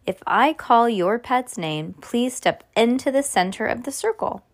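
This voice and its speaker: A woman doing a brisk pet store lady announcing. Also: fairly high pitch, lively intonation.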